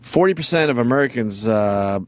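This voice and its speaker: A man's voice: mid-range voice, expressive, brisk, no room sound. A male radio host running a trivia bit and teasing his co-host in casual banter. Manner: teasing quizmaster.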